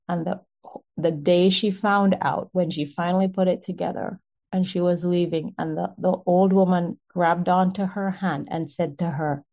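A woman's voice: fairly low pitch, fairly even intonation, moderate pace, creaky, darkish tone, lo-fi sound. A woman hosting an online prayer group, telling a testimony in a conversational, emphatic way over a video call.

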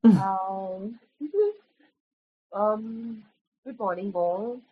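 A woman's voice: mid-range voice, expressive, drawn-out words, breathy edge. A woman from India, sharing hesitantly in an online prayer meeting and searching for her words. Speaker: prayer group member. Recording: dull, lo-fi call audio.

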